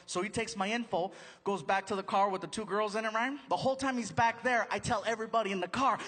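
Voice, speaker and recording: A man doing stand-up storytelling, animated and quick, slipping into voices and impressions, on a large theater stage. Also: high voice. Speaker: stand-up comedian. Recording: live hall recording with audience ambience.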